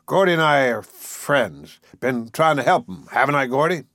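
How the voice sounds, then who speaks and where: In clean studio sound with no echo, a man with a mid-range, fairly bright voice and lively intonation speaks at a moderate pace. He's playing a smug drunk who needles others.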